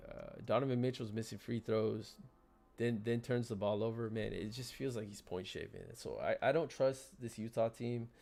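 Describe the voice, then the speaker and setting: A man's voice: lowish voice, moderate pace, creaky, a little mellow. A man hosting a casual sports betting livestream, stammering and repeating words as he talks picks and reads the chat.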